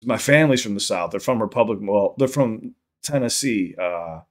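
Rambling high streamer from Chicago. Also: male voice, expressive, moderate pace. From South Side of Chicago. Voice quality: rambling, profane, repeats himself. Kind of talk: casual livestream chat.

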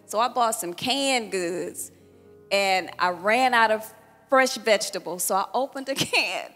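Pastor woman, 60s, warm storytelling thank-you speech; long hall reverb, soft music under. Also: mid-range voice. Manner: warm storytelling with laughter, acting out dialogue. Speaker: pastor celebrating her birthday. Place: church hall event.

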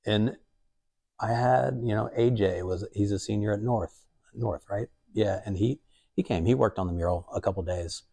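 Low-voiced man with a husky tone. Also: moderate pace, dark tone. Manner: rambling, many fillers and quoted asides. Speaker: artist. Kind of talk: casual conversational talk. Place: art museum gallery.

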